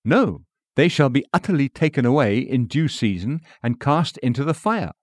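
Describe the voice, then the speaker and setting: A man giving a solemn, measured scripted devotional reading. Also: medium pitch, expressive, dry recording, studio quality. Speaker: reader of a devotional text.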